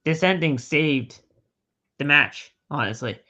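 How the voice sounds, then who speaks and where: A man co-hosting a podcast, retelling a wrestling match in an animated play-by-play way. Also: on the high side, takes it slowly. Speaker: podcast co-host. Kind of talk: casual wrestling recap. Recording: dull lo-fi podcast audio.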